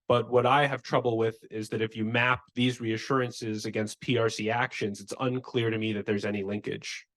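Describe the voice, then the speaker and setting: A man speaking as a panelist in a policy discussion, measured and analytical. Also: on the low side, a bit bright. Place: conference room.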